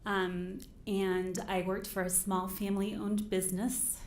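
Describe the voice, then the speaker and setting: A woman's voice: medium pitch, flat delivery, takes it slowly, darkish tone, a little hiss or hum. A middle-aged woman from Idaho giving nervous, careful testimony as a witness at a microphone in a courtroom. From Idaho, USA. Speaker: trial witness. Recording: echoey courtroom audio.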